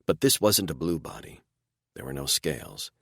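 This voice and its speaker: A man narrating a fantasy romance audiobook in first person, with expressive storytelling. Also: extremely low pitch, normal speed, no echo, studio quality. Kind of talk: scripted narration.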